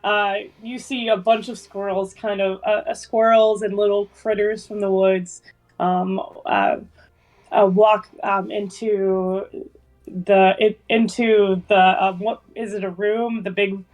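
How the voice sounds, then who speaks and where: A woman's voice: medium pitch, flat delivery, slow pace, darkish tone, low-quality recording. A woman playing a tabletop game, describing her character hesitantly with many fillers. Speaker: player.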